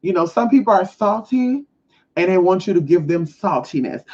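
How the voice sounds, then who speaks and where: A woman's voice: lowish voice, moderate pace, breathy edge, lo-fi sound. Blunt, profane woman livestreaming. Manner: blunt and profane, with lively acted-out quotes. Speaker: spiritual advisor hosting a live stream. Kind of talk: casual live-stream talk.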